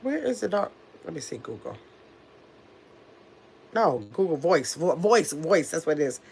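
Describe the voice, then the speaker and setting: This woman host has a deep, sing-song voice with vocal fry, speaking a little slowly against slight background noise. Still recovering from illness, she reads her live chat, chatty and distracted, and calls viewers "y'all."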